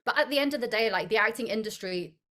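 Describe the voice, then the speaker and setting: This is a young woman, an actor interviewed as a guest. She talks casually and tells her stories with animated energy, laughing often as she goes. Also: a little high, fast.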